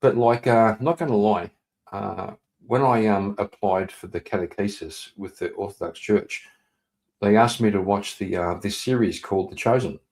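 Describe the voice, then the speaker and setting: A man streaming live, chatting casually and reading out viewer messages. He rambles, swears, laughs often and breaks into sudden loud, excited outbursts. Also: on the low side, normal speed. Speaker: livestreamer.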